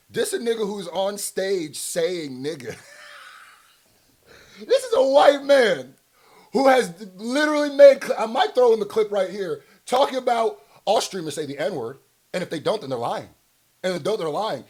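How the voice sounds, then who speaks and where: A man's voice: high voice, normal speed, faint music behind. Blunt, slangy male commentator. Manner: blunt, animated and laughing often; slangy and rhetorical. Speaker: commentary host. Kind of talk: casual reaction commentary.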